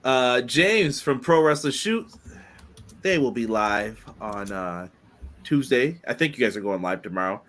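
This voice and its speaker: Man, podcast co-host, casual wrestling chat, animated, quick, lots of fillers, medium pitch. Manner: fast, animated opinions with frequent fillers.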